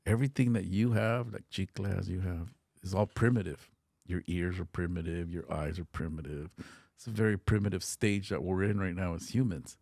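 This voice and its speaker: A man voicing a tall, calm, telepathic alien being from the future, speaking in a hushed, matter-of-fact way into a close podcast mic. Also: deep voice, moderate pace, gravelly, husky, dry recording, full character voice.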